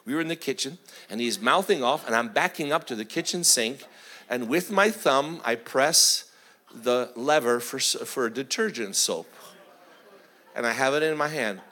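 Animated, bright-voiced middle-aged pastor. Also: male voice, medium pitch, normal speed. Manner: animated, chuckling, acts out voices. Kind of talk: sermon storytelling.

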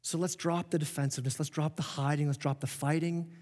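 A man preaching a sermon as pastor, earnest and animated, often restarting his sentences and acting out quoted remarks. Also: a little high, a little fast. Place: church auditorium. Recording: long reverb of a church hall.

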